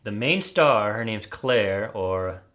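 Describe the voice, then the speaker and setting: Low-voiced man chatting easily. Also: normal speed, fairly bright tone. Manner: easygoing, chatty, laughs along. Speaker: co-host, trivia contestant. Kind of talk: casual chat.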